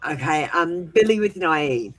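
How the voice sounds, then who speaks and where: Blunt, low-voiced woman reading tarot live. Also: expressive, a little fast, soft background music, rough recording. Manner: blunt and direct, managing the chat queue; reassuring when viewers feel ignored. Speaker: live tarot reader hosting a stream. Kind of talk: casual live-stream chat with viewers.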